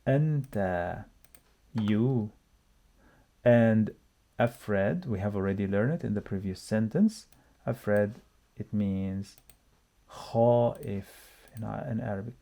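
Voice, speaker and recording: Male language teacher with a patient manner, slow and gravelly with a dark tone. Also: fairly low pitch. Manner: patient, repeats words slowly for learners. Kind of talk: online language lesson.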